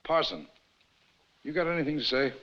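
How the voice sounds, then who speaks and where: Firm chairman, orderly, bright voice, lively pitch, lo-fi film audio. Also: moderate pace. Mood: grave. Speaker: meeting chairman. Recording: lo-fi 1950s film soundtrack, faint crowd.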